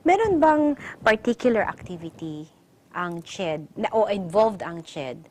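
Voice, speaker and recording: A Filipino woman hosting a TV interview, asking long questions and switching quickly between Tagalog and English. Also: medium pitch, sing-song, warm tone, slight background noise. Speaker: TV news program host.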